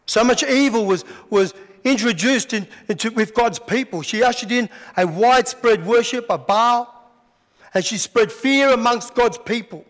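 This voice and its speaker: Male pastor with a high voice who acts out his sermon stories, recorded in a big echoing hall. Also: measured pace. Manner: animated storytelling, acts out scenes. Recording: long hall reverb.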